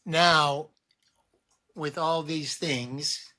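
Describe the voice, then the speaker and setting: Male host, slightly high and bright-toned, calm and encouraging. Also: very slow. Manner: encouraging, reassuring the guest. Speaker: podcast host. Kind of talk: casual interview.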